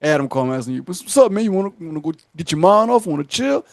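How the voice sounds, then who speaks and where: Lively man telling a story, dry mic. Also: very fast, no echo. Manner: animated, slangy, jumps into high voices to act out others. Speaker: podcast host. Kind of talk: casual storytelling. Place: podcast studio.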